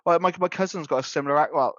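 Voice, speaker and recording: A man co-hosts a podcast in a casual chat, rambling along with lots of fillers and restarts. His voice is on the high side, fairly bright, and rapid-fire. The recording is dry, dull, and slightly lo-fi, with a little background noise.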